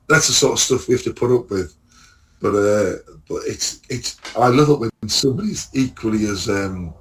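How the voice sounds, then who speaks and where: A middle-aged man from England, a podcast co-host and lorry driver, telling an animated casual anecdote full of swearing and acted-out quotes. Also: lowish voice. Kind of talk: casual anecdote among friends.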